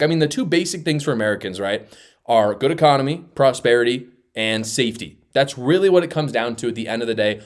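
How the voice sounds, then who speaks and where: A man's voice: medium pitch, lively intonation, fast. Blunt, mocking male political host. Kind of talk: opinionated political commentary.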